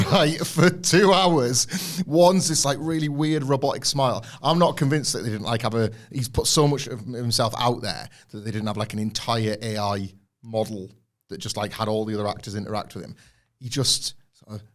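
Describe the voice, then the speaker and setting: A man co-hosting a podcast, rambling through animated stories in casual chat. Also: medium pitch, a little fast. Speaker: podcast co-host.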